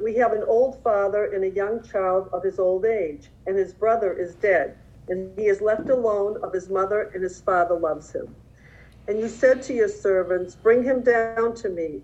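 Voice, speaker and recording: A woman in an online class reading a scripture passage aloud in a steady, measured way. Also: medium pitch. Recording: dull lo-fi video call audio.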